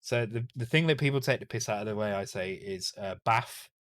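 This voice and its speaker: A Northern English man, streaming live while he codes a retro game, thinks out loud, mutters, corrects himself and cracks jokes with casual swearing. His voice is fairly low, fairly quick and a bit bright, with no room sound.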